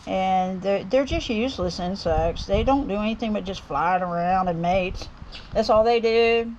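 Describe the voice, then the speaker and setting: A woman's voice: mid-range voice, highs cut off, a little hiss or hum. A middle-aged woman with a Southern US accent, talking casually and rambling to her viewers from her woodturning workshop. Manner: rambling, chatty, folksy. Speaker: woodturning vlogger. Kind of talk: casual chat to camera. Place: home workshop.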